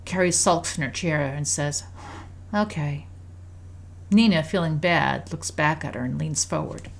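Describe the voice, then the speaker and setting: A woman narrating a story set in a life-simulation game, in a calm, even storytelling manner. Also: low voice, normal speed, creaky. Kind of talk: scripted narration.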